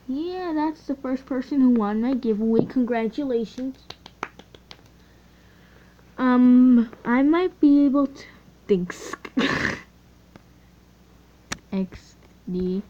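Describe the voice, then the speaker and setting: A teenage girl chatting casually over gameplay, easily excited and often trailing off mid-sentence. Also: high voice, a little hiss or hum. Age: teens. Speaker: gaming channel host. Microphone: phone mic. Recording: dull lo-fi phone audio.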